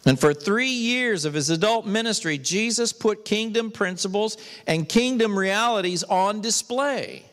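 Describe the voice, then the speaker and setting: A man's voice: high voice, unhurried, few pauses, a bit bright, big-room sound. A man preaching an emphatic sermon as a pastor, speaking in a church sanctuary.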